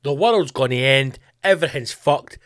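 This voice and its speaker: A middle-aged man with a Scottish accent, hosting his own podcast in a profane comedic rant, sweary and animated. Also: mid-range voice, moderate pace, no room sound, clean studio sound. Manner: sweary, animated, slips into mock voices. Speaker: podcast host.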